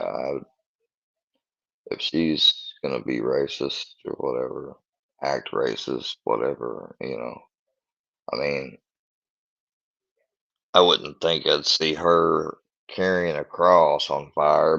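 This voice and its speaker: Super deep guy streaming from home, slow halting chat, kinda muffled lo-fi mic. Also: vocal fry, fairly bright tone, no room sound. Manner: halting, searching for words. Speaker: live streamer. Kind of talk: casual live-stream chat. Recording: dull lo-fi stream audio.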